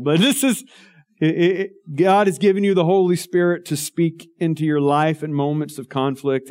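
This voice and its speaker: A male pastor delivering a sermon in an earnest, emphatic way. His voice sits a little high for a man, and he keeps asking his listeners rhetorical questions. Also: a little mellow.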